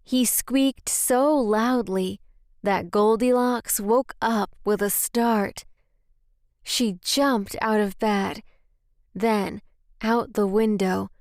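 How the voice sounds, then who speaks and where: Slow, careful woman reading a storybook. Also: mid-range voice, fairly even intonation, a little mellow, dry recording, clean studio sound. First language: Spanish.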